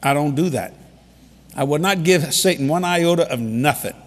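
Male preacher, husky and animated, funny storyteller, big echoing hall. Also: fairly high pitch, normal speed. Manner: animated, repeats key lines for emphasis. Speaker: preacher leading a ministry. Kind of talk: humorous storytelling sermon. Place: large hall with an audience. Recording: long reverb of a large hall.

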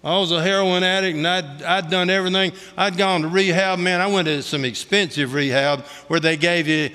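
A man's voice: sits high, steady tone, brisk, bright, forceful tone, clean tone. A middle-aged man giving a folksy, humorous testimony sermon, speaking colloquially with lots of "ain't" and "you know". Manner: colloquial Southern-style grammar, "ain't". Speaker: preacher. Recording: long hall reverb.

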